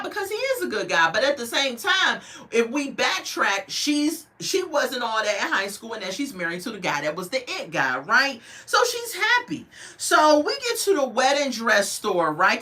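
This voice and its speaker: Animated woman with bright, lively delivery. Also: fairly high pitch. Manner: animated, talks to viewers as "y'all" and "baby"; mimics the people she discusses in quick quoted voices. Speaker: reality show reviewer. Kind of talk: casual commentary.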